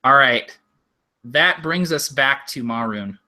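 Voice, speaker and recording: A man serves as game master, narrating combat in a vivid, lively way. His voice is bright and clear, with a middle pitch. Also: slow pace.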